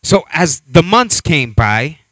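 A man's voice: fairly high pitch, big pitch swings, takes it slowly, fairly bright tone, no echo, low-quality recording. A man pastor preaching a sermon, telling a story with repeated phrases and building to exhortation.

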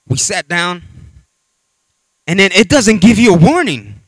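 A man preaching a sermon with animated storytelling, acting out voices and scenes as he talks. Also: sits high, measured pace, dry recording.

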